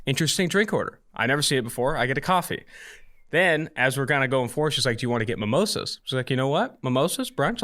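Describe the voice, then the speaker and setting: A man, co-hosting a podcast and telling a long story in an animated, casual way. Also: medium pitch, quick pace. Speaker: podcast co-host.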